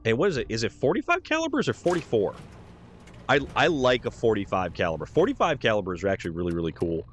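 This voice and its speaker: A man's voice: fairly low pitch, huge pitch swings, quick pace, a little hiss or hum. Male streamer, laid-back and chatty, everyday voice, live gameplay commentary. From New Hampshire. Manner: casual, chatty, says "dude" often. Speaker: game streamer.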